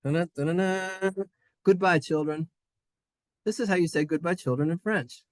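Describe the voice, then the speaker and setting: A man teaching a Hebrew class, playful and sing-song, sounding out letters and syllables slowly for his students. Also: on the high side, no room sound. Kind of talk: classroom lesson. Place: synagogue classroom.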